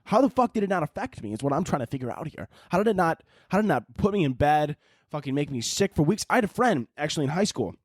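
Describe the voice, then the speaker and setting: A young man hosting a podcast, ranting profanely and swinging between yelling and mumbling. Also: a little high, sing-song, quick pace, no room sound, clean studio sound. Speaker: podcast host. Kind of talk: casual comedic rant.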